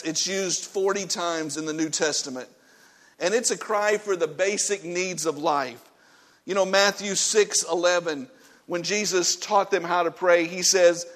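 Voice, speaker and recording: Preaching man, lively and loud-soft. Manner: conversational preaching with laughter and self-deprecating asides; swings between loud emphasis and soft, low passages. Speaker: pastor. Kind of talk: sermon.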